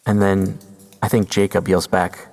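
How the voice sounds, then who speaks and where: Man, deep gravelly voice, slow suspenseful first-person storytelling, long reverb. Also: little pitch movement, darkish tone. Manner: slow, deliberate telling with suspenseful pauses. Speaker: podcast host.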